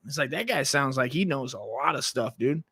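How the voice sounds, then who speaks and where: A man's voice: medium pitch, expressive, brisk, pushed and bright, slightly rough, dry recording, clean studio sound. Crude rambling male comedian. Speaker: comedian host. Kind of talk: profane comic rant reacting to clips.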